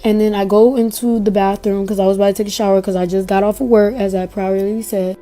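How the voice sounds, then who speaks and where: A young woman tells her own story casually and with emotion, acting out what other people said to her. Her medium-pitched voice has a level, dark tone and a quick pace, with faint music in the background.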